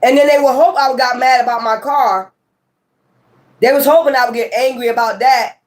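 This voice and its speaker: High-voiced woman ranting emphatically. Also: moderate pace. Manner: emphatic, profane and repetitive. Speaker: tarot reader. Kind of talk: casual ranting monologue.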